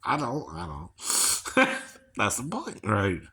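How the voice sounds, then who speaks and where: A man from Georgia muses aloud in a loose, unhurried monologue. His voice is bright and his pitch swings widely as he chuckles and keeps checking in with "right, right." He talks slowly and takes his time. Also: huge pitch swings, breathy edge. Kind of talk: rambling casual monologue.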